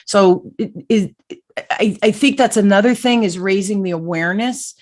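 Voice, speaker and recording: A middle-aged woman hosts a casual interview, telling personal stories with lively, self-deprecating energy. She sits at a middle pitch for a woman and often jumps quickly from one thought to the next. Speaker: podcast host.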